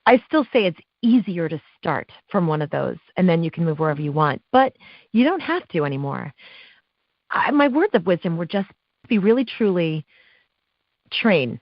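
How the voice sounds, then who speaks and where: A woman guest on an interview show, telling stories about her work as a live awards announcer, with lively quoted dialogue and frequent laughs. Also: lowish voice, moderate pace, no echo. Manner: animated, acts out quotes, laughs often. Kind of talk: casual interview storytelling. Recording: dull dry podcast audio.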